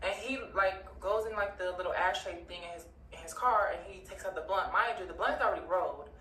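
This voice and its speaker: A woman's voice: on the low side, fairly quick, fairly bright tone. A woman telling a personal story in a casual storytime vlog, candid and profane, with lots of "like". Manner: candid, profane, heavy use of "like". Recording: roomy distant mic with faint ambient noise.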